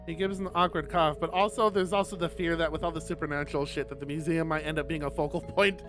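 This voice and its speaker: A man's voice: fairly high pitch, fairly even intonation, quick pace, over music. A young man streaming, reading a visual novel aloud with laughing, rambling asides.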